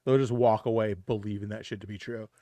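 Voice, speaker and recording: A man's voice: fairly low pitch, fairly even intonation, fast talker, dark tone, dry recording. A man co-hosting a live stream, telling joking stories in casual banter, swearing freely and laughing often. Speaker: podcast co-host.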